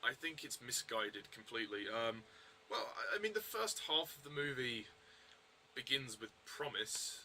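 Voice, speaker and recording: Bright-voiced man rambling through a review. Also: mid-range voice, sing-song, measured pace, rough recording. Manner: rambling, hesitant, many fillers and restarts. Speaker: film reviewer. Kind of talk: casual video review.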